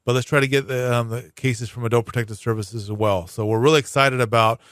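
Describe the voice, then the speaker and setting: A man's voice: mid-range voice, fairly even intonation, fast talker, fairly bright tone, dry recording. Man explaining things, dry studio. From Hawaii. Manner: chatty, explanatory, many fillers and restarts. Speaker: prosecuting attorney guest. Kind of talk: casual radio interview. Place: radio studio.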